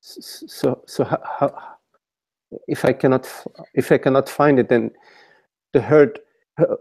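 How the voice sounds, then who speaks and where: Man, spiritual teacher, gravelly, mellow, repeats himself while thinking, dry sound, online call. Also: mid-range voice, fairly even intonation, measured pace, no echo. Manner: searching, repeats and restarts phrases. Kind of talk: contemplative dialogue over a call.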